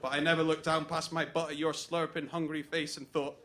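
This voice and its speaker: A crude, jealous best man rants his way through a wedding toast, as a man acts him out. The voice sits high and sounds bright and forward. A faint hiss runs under the recording. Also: little pitch movement, fairly quick, lightly acted. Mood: wistful. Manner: crude, mocking, jealous rant. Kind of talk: comic stage monologue.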